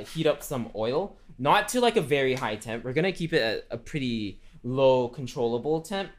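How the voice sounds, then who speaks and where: Brief: mid-pitched male streamer, rambling chatter while cooking, speaks of himself in third person. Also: noisy background. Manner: chatty, rambling with many fillers. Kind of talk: casual cooking livestream chat.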